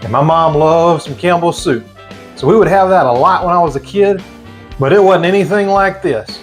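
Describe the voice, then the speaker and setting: A man's voice: a little high, moderate pace, soft background music. A middle-aged man with a Southern American accent, demonstrating a recipe as the host of a cooking channel in a folksy, chatty way.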